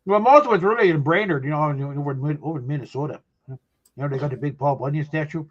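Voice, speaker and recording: A man's voice: fairly high pitch, fast, dull audio. A man co-hosting a casual chat, rambling and filling his talk with "you know".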